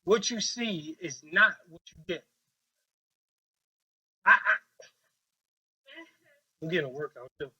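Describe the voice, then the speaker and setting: A man leading a training workshop with a group, talking in a lively, joking way and acting out quoted voices on a handheld mic. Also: fairly high pitch, slow pace, pauses often, husky, poor audio.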